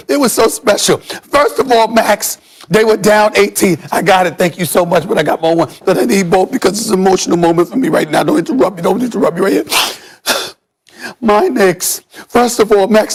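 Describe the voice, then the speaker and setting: Loud, theatrical man debating sports. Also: high voice, husky. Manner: loud, theatrical, repeats himself, mock-emotional.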